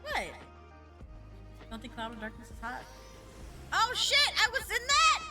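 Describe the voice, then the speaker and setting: A woman streaming a game, excitable and swearing, with loud outbursts and giggles, saying she is high. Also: a little slow, music in the background. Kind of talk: casual gameplay streaming.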